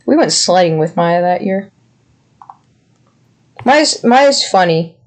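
A man's voice: sits high, animated, takes it slowly. A man co-hosting a podcast, chatting casually and rambling affectionately. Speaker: podcast co-host. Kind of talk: casual chat.

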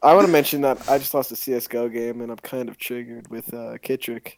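A man's voice: mid-range voice, fairly even intonation, fast, gravelly. A young man co-hosting a casual podcast, rowdy and teasing, laughing often. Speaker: podcast co-host.

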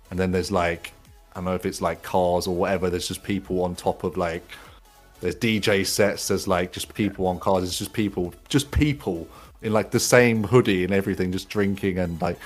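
Very low male co-host, rambling casual chat, faint music under him. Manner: rambling, loses his thread. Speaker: podcast co-host.

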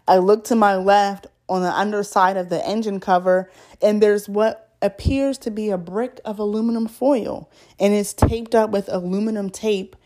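A woman's voice: fairly low pitch, a little mellow. A woman reading out a story on her podcast in a casual, chatty way, stumbling over words and adding her own asides.

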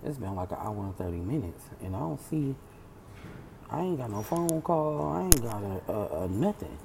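A woman tells a story in a relaxed, casual way, full of slang and cursing. Her voice is gravelly and swings up and down a lot. Steady noise sits behind her. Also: a bass voice, moderate pace. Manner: animated, slangy storytelling, frequent swearing. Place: at work.

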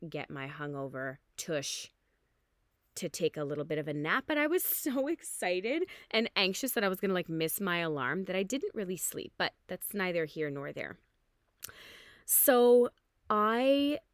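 Lively hungover woman telling a story. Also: dry recording, studio quality. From Canada. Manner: animated, acts out quoted people with big pitch jumps. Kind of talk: casual storytelling.

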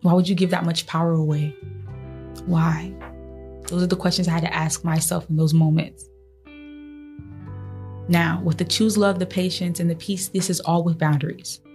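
A woman's voice: on the low side, little pitch movement, normal speed, long pauses, a little mellow, soft background music. A woman hosting a motivational faith podcast, speaking earnestly and encouragingly to her listeners, often breaking into laughter. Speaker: podcast host.

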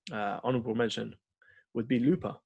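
A man co-hosting a podcast, chatting casually and rambling through an animated story with lots of fillers. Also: mid-range voice, a little fast, vocal fry, husky, no room sound. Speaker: podcast co-host. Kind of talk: casual film chat.

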